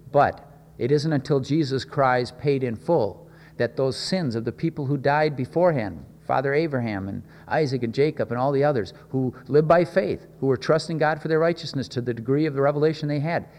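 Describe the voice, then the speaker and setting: A man preaching a sermon, earnest and halting, often repeating words and pausing with fillers. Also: medium pitch, a little mellow. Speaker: pastor. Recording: hall reverb.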